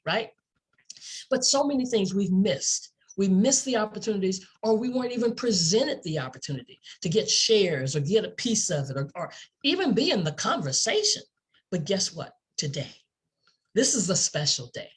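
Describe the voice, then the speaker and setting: A woman's voice: medium pitch, big pitch swings, moderate pace, husky. A woman giving an enthusiastic sales presentation, asking the listener rhetorical questions and repeating words for emphasis. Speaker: company presenter.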